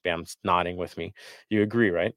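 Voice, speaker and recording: Male host, lowish voice, dry close sound, loose and rambling delivery with plenty of fillers. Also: fairly even intonation, moderate pace, a bit bright, clear, resonant tone, dry recording. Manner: rambling, lots of fillers and restarts. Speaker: podcast host. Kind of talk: casual sports talk panel.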